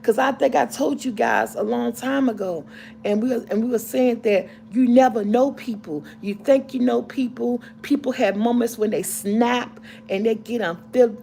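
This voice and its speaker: A woman's voice: a little high, vocal fry, darkish tone, slight background noise. A middle-aged woman vlogger telling a personal story to camera in a casual, heartfelt, rambling way, often restarting and repeating herself.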